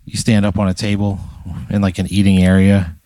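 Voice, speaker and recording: Deep-voiced man spinning a dramatic tale. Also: level tone, brisk, mellow, no room sound, clean studio sound. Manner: spins a dramatic second-person hypothetical. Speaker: podcast co-host. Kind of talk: comic storytelling.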